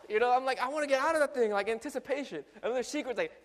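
A young man in a casual storytelling monologue, animated and full of filler words, acting out ride noises. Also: very high-pitched, very fast, few pauses. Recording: long hall reverb.

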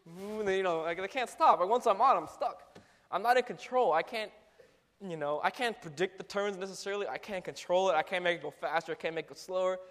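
A young man in a casual storytelling monologue, animated and full of filler words, acting out ride noises. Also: sits high, fairly quick. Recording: long hall reverb.

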